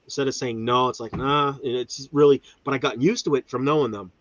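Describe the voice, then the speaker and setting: A man chatting casually as a guest, telling animated stories and slipping into mimicry. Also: medium pitch, fast, dry recording, highs cut off. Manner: animated storyteller, mimics voices. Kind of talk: casual chat.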